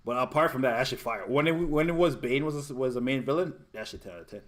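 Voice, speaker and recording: A man's voice: medium pitch, fast, a bit bright. A young man in a casual argument, talking bluntly with plenty of swearing. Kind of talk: casual chat.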